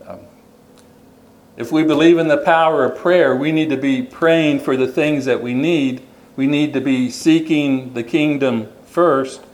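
A man's voice: fairly high pitch, fairly even intonation, unhurried, rough recording. A man preaching a sermon in a church, speaking plainly and earnestly, often repeating his phrases and ending with an appeal to come forward. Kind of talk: sermon with closing invitation. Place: church hall.

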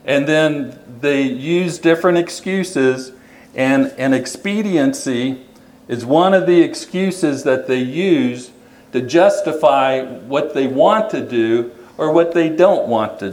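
A man's voice: a little high, darkish tone, rough recording. A man preaching a sermon in a church, speaking plainly and earnestly, often repeating his phrases and ending with an appeal to come forward. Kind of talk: sermon with closing invitation. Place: church hall.

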